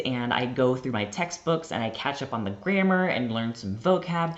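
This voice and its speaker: Brief: young American man, mid-pitched, casual rambling vlogger, muffled lo-fi recording. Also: expressive, normal speed, hardly any pauses. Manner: chatty, rambling, heavy use of "like". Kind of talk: casual storytelling vlog.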